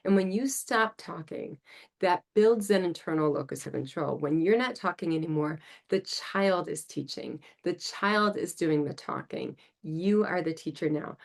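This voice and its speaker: A woman speech-language pathologist hosting an instructional podcast, explaining techniques in an upbeat way and speaking directly to listeners. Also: fairly low pitch.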